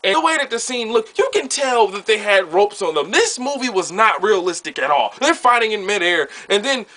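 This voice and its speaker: Male reviewer, high and sharp voice, sarcastic rambling movie rant. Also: sing-song, a little fast.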